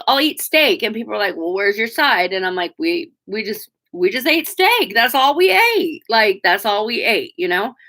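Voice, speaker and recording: Bright-voiced frank woman in her forties. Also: medium pitch. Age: 40s. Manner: frank, emotional and chatty, with frequent fillers and swearing. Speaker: vlogger talking to viewers. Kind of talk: candid live-stream chat.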